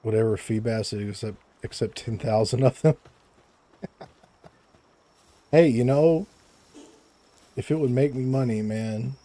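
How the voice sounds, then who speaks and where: A man's voice: mid-range voice, a little slow, pauses often, mellow. A young man chatting casually on a live game stream, stammering, repeating words and laughing often, close to his microphone. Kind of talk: casual live-stream chat while gaming. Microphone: close desk microphone.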